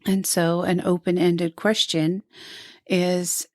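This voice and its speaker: Older woman, retired nurse, earnest storyteller, low-ish voice, flat delivery. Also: slow, dry recording, studio quality. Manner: earnest, storytelling, mimics moms she quotes. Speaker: guest, retired NICU nurse and lactation counselor. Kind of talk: conversational podcast interview.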